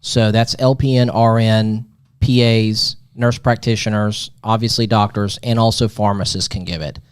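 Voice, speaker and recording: A man's voice: fairly low pitch, fairly even intonation, normal speed, clean tone. A man co-hosting a casual political podcast, trading wry jokes and banter. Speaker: podcast co-host.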